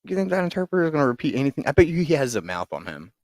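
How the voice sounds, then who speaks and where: A man's voice: mid-range voice, sing-song, rapid-fire, darkish tone, no room sound. A man co-hosting a sports podcast, talking in a loose, rambling way with frequent restarts and casual swearing. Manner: rambling, profane, restarts a lot. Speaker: podcast co-host.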